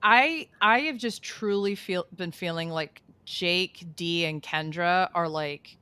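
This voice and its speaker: A woman's voice: fairly low pitch, slow, pushed and bright, clean tone, no echo. A woman co-hosting a podcast, chatting casually and speculating about reality TV, laughing often. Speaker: podcast co-host.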